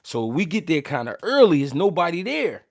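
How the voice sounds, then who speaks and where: With a slightly high voice and normal speed, this Philadelphia man hosts a show and tells casual stories. He's heavy on slang and swearing, animated throughout, and he restarts his lines a lot.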